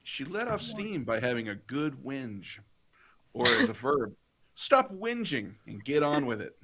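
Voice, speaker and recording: A man's voice: medium pitch, sing-song, measured pace, pushed and bright. A man in a casual live-stream chat who explains things and reads definitions aloud.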